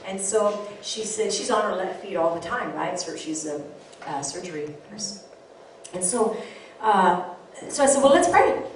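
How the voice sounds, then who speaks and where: An older woman pastor preaching a lively sermon, telling stories and drawing call-and-response from her congregation. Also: medium pitch, a little slow, heavy reverb, recorded from a distance, a little hiss or hum. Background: congregation responding amen.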